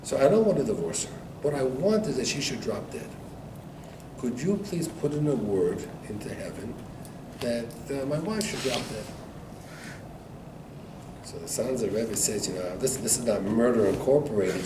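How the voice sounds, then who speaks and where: A man, a rabbi, teaching a Torah class to students, telling a story with lively acted-out dialogue and frequent laughter. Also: mid-range voice, normal speed. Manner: animated joke-telling, acting out dialogue, laughs often. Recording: echoey room recorded from far off, noisy.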